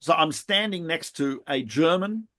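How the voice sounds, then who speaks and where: A middle-aged man, a rabbi co-hosting a podcast, telling animated anecdotes with laughs and restarts in casual chat. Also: fairly high pitch, a little slow.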